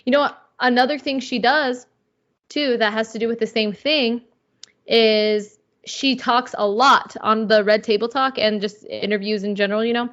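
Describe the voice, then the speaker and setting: A young woman co-hosting a casual podcast, talking in an animated, slangy way with lots of "like" and "dude.". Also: on the high side, moderate pace. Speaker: podcast co-host. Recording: slightly dull lo-fi audio.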